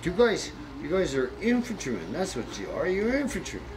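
A man voicing a Russian soldier who makes slow, emphatic guesses while telling a joke. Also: a little high, huge pitch swings, background noise, voice pushed up. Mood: insistent. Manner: slow, emphatic, pointing and declaring. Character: boastful male Russian soldier guessing ranks.

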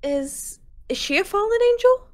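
A woman's voice: very high-pitched, expressive, moderate pace, pitched above the performer's own voice. A woman voicing a curious female angel who asks puzzled questions. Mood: confused.

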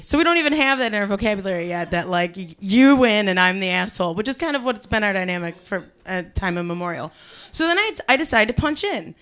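A woman from Ohio with a Cleveland accent, telling a comic personal story on stage and acting out the quotes. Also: mid-range voice. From Ohio, USA. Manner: animated, comic, acts out quotes. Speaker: storyteller guest. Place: club stage before audience.

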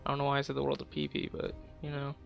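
A man's voice: mid-range voice, monotone, rapid-fire, creaky, lo-fi sound, faint music behind. A young man casually commenting on his game livestream, goofing around with silly trash talk and laughing at his own jokes. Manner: goofy, self-amused trash talk. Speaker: gaming livestreamer.

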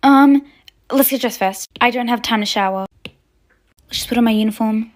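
A woman's voice: fairly high pitch, steady tone, normal speed. A woman telling a toy-app role-play story as a schoolgirl, chatty and dramatic with lots of fillers.

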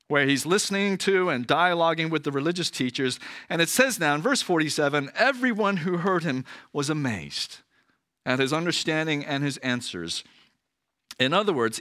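A man's voice: fairly high pitch, bright, forceful tone, no echo, clean studio sound. A male pastor preaching a sermon in a conversational manner, often checking in with listeners. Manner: conversational, frequent "right?" asides.

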